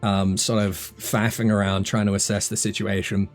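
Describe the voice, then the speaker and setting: A man runs a tabletop game as dungeon master. His voice sits fairly low, and he talks in a loose, hesitant way full of fillers. Faint music plays underneath. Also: normal speed. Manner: relaxed, hesitant, many fillers.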